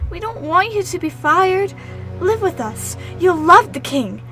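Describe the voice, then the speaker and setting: A woman voicing a blind little girl who pleads softly. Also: very high voice, very animated, measured pace, over loud music, pitched above the performer's own voice, full character voice. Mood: pleading. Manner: soft, pleading.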